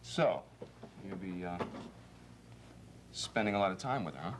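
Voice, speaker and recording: An actor playing a gentle, hesitant friend in a TV soap opera, probing carefully with many pauses. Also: male voice, low-pitched, expressive, background noise.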